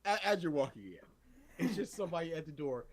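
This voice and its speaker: Young male co-host with a lively, high voice; tells anecdotes and plays out all the voices. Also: a little fast. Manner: animated storyteller, acts out quotes, laughs often. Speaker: podcast co-host. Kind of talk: casual chat.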